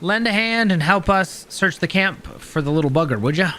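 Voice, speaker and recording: A man voicing a gruff, blustery male camp commander who talks brusquely. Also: sits high, lively intonation, moderate pace. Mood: exasperated. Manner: brusque, swearing, exasperated.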